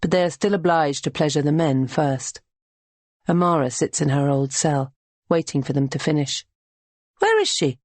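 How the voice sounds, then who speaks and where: A woman narrating an audiobook in a measured, even reading. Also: sits low, no room sound. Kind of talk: scripted narration.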